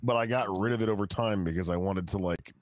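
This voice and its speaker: A man's voice: lowish voice, fast, no echo, clean studio sound. A man from the Ozarks chatting and joking on a panel, with a trained radio way of speaking. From Ozarks, Missouri. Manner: joking, switches into a thick hillbilly drawl. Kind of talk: casual group chat.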